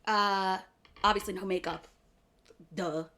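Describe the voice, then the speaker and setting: A woman streamer from outside Philadelphia with a Philly accent, chatting casually with her viewers. She is animated and chatty, laughs often and keeps saying "okay.". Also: mid-range voice, slow pace. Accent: Philadelphia area. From US East Coast, outside Philadelphia.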